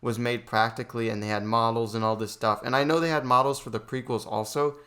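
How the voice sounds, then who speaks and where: A man's voice: medium pitch, fairly even intonation, fast talker, bright, forceful tone. Dry, matter-of-fact male co-host. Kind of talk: casual movie review chat.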